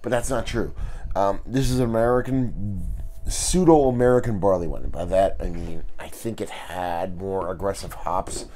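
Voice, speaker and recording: Low raspy-voiced man reviewing a beer. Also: moderate pace, warm tone, a little hiss or hum. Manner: laid-back, rambling, swears casually. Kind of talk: casual review.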